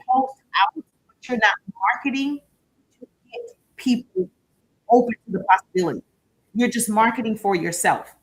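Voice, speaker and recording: Woman, business coach, livestream trainer, chatty and encouraging, husky, higher voice. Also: poor audio. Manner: upbeat, chatty, gives shout-outs to viewers. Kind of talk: live-streamed business training.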